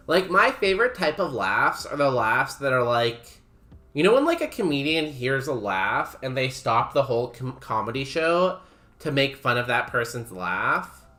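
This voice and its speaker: Chatty young man with a bright voice. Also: medium pitch, sing-song, moderate pace, soft background music. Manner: laughs often, chatty, says "like" a lot. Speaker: streamer. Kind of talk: casual chat while playing a game.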